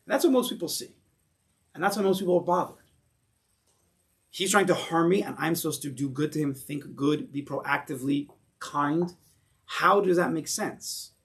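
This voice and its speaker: Leading a Torah lesson for his synagogue congregation, this American-accented man has a fairly high, gravelly voice. His delivery is lively, and he keeps throwing rhetorical questions at the room.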